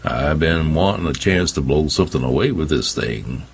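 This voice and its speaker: Storybook figure: a gravelly, gruff older man, played by a deep-voiced narrator, slow and laconic. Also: lively intonation, exaggerated voice.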